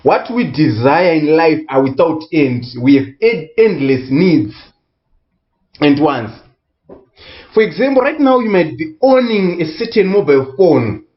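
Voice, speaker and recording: A man tutoring economics in a recorded lesson, speaking deliberately and repeating key words for emphasis. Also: a little high, sing-song, highs cut off. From Southern Africa.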